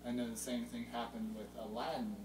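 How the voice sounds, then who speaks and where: A man's voice: medium pitch, flat delivery. Young male student host, distant roomy sound. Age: young adult. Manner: informative, a little halting with fillers. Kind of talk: casual video-game chat. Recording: roomy, distant mic with loud hum.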